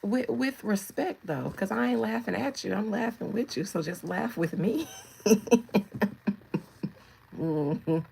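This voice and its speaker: Lady in her 40s reading tarot, gravelly voice, jokey, drops to whispers. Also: mid-range voice, lively intonation, slow pace, pauses often, a little mellow, slight background noise, rough recording. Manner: playful, laughing, joking, often drops to a whisper. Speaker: tarot reader. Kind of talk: casual spiritual reading and storytelling.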